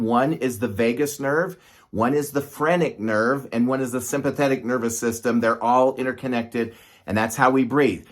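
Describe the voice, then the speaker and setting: Middle-aged male physician, casual explainer who is talky and checks in with listeners. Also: medium pitch. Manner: conversational, asks "right?" often, gestures to demonstrate. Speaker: doctor explaining medicine.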